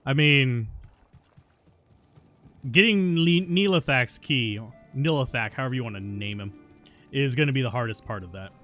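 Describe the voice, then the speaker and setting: A man narrates his own live game stream in a loose, conversational way, answering viewers' questions as he plays. He jokes about his own stubbornness, and his voice sits in an ordinary middle pitch. Quiet music plays faintly in the background. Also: normal speed, pauses often. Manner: chatty, stubborn and self-mocking, answering chat between plays. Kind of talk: casual live gameplay commentary.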